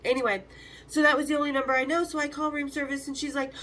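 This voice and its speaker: A high-pitched woman in her fifties tells her stories with lots of energy. She swears freely and jumps into the voices of everyone she mentions. Faint ambience sits underneath her. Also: little pitch movement, fast, a bit bright, slight background noise. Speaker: host telling rock stories. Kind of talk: casual storytelling.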